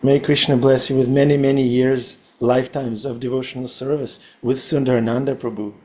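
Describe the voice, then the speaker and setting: A man's voice: mid-range voice, little pitch movement, a little fast, crowd noise. A man moderating a temple class, making brief, easygoing remarks to the group. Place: temple hall.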